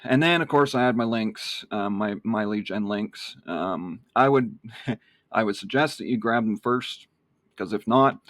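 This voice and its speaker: A man's voice: lowish voice, unhurried, fairly bright tone, no room sound, studio quality. A man giving a casual screen-share tutorial on online marketing, rambling with lots of ums and restarts.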